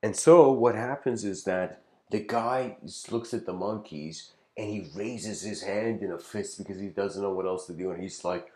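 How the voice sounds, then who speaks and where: A man's voice: fairly low pitch, moderate pace, few pauses, darkish tone. A man giving a casual lecture, telling a story in a rambling way with lots of filler words and frequent chuckles.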